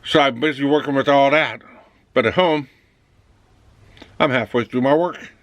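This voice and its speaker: A man's voice: medium pitch, moderate pace, no echo. A man talking casually in a rambling monologue, acting out both sides of little office dialogues. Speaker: vlogger.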